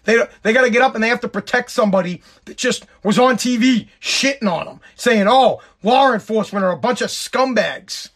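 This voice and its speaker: Hoarse, high-voiced man ranting. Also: brisk, hardly any pauses, a bit bright. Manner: heated, profane, repetitive ranting. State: hoarse, voice nearly gone. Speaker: podcast host. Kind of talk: ranting podcast monologue.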